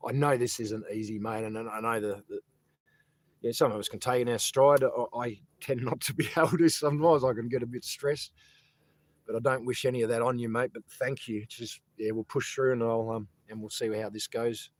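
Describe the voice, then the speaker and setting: A man's voice: medium pitch, steady tone, brisk, no room sound, low-quality recording. An Australian man live-streaming outdoors on his phone, rambling in casual chat, repeating words and greeting viewers by name. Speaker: live streamer and protest organiser. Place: outdoors on a sunny day.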